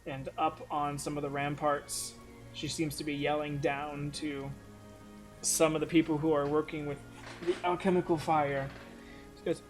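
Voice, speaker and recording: A man's voice: on the high side, flat delivery, normal speed, soft background music. A man narrating as game master, casual and rambling, swearing freely.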